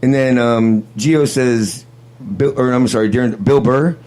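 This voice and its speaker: A man's voice: mid-range voice, a little slow, dark tone. A man hosting a talk show, chatting casually and giving blunt, emphatic opinions. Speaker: show host. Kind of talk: casual chat.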